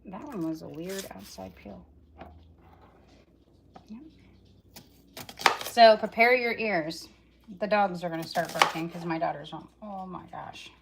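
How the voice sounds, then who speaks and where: A woman chats away to her viewers during a live cook-along in her home kitchen, rambling from one aside to the next. Her voice has a gravelly, fry-edged texture. Loud chopping and kitchen clatter run under her talk. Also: lowish voice, a little slow, pauses often, very noisy. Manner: rambling, chatty, talks straight to viewers. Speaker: cooking vlogger. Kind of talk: casual live cooking chat.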